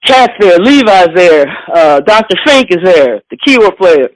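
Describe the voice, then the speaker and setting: A woman from Philadelphia, a bass player and interview guest, telling a lively anecdote. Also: unhurried, no room sound, low-quality recording. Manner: lively anecdote with voiced quotes. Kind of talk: animated storytelling.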